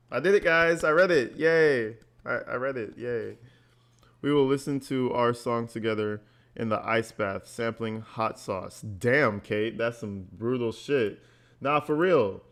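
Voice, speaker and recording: A man vlogging commentary, reading text messages aloud and reacting bluntly and sarcastically, swearing freely. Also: medium pitch.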